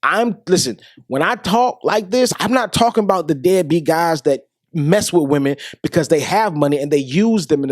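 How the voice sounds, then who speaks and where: A man's voice: on the high side, darkish tone, dry recording, studio quality. A man hosting a podcast who talks to his listeners about dating in a casual, preachy way and repeats his questions for emphasis. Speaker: podcast host. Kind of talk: casual monologue on relationships.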